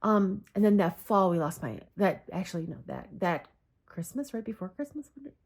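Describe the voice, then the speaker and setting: A woman's voice: mid-range voice, expressive, normal speed, darkish tone. A woman vlogging casually about her journals, rambling and correcting herself as she talks, close to tears. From Michigan, USA. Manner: rambling, self-correcting, many fillers. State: holding back tears. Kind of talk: casual personal talk.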